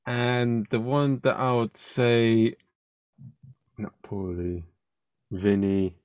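A man's voice: mid-range voice, fairly even intonation, extremely slow, a little mellow, clear, resonant tone, dry recording. A man who is a comedian, a guest on a podcast, speaking hesitantly and searching for words as he thinks aloud. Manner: hesitant, many fillers and restarts while thinking. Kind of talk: casual interview chat.

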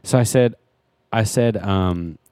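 Man, conversational storyteller, animated, indignant peaks, dry booth sound. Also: slow, smooth, no echo. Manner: animated storyteller, voice jumps high when indignant. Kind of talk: casual chat.

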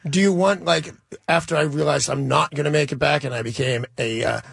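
An older man tells stories at a quick clip, his voice gravelly and a bit husky. He jokes at his own expense in a relaxed talk-show chat. The sound is dry and close. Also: on the high side, no echo. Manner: quick, joking, self-deprecating storyteller. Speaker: radio host and guest. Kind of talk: casual chat, storytelling.

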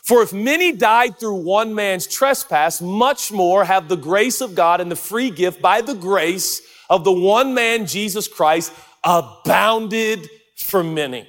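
A male pastor preaching a sermon in a large church, telling jokey stories with excitable, sudden loud outbursts. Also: high-pitched, slow.

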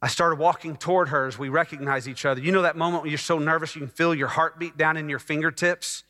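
A man preaching a personal testimony as a sermon, telling his story with hushed moments that build to loud, emphatic passages. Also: on the high side, steady tone, fast talker. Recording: long hall reverb.

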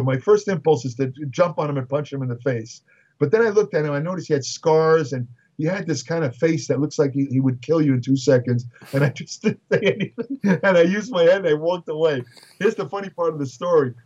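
A man's voice: on the high side, a little mellow. Older New man telling stories, muffled and distant. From Brooklyn, New York. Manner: chatty, repeats words, frequent fillers and restarts. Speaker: bodybuilding writer and guest. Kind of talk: casual anecdotal storytelling.

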